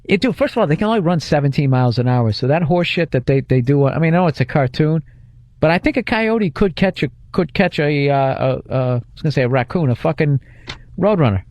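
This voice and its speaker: A man's voice: a little high, expressive, brisk, a little mellow, no room sound. A man co-hosting a radio show in casual comedic chat, ranting bluntly and swearing freely into a studio microphone.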